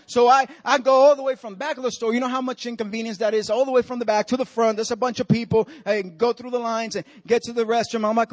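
A man preaching and telling a story in an animated way, acting out what was said and dropping to a hush for the serious parts. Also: very high voice, fast talker, few pauses, no room sound. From Dominican Republic. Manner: animated, acts out quotes with dramatic drops to a hush. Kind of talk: sermon storytelling.

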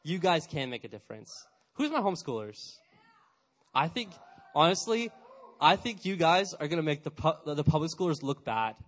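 Energetic young man preaching to teens. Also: fairly high pitch, moderate pace. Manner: energetic, chatty, full of "like" fillers, acts out quotes. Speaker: youth pastor. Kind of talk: casual youth sermon.

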